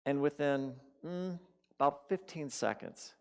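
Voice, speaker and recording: A man's voice: a little high, measured pace. A man giving a conversational sermon at a spiritual community, telling personal stories in a casual way and repeating words for emphasis.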